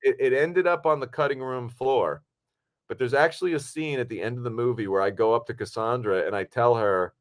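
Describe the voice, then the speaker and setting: A man co-hosting a podcast who tells behind-the-scenes stories in a loose, animated way, with plenty of swearing. His voice sits at a medium pitch for a man. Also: fairly quick. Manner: profane, animated storytelling. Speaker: podcast co-host and actor. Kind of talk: casual chat.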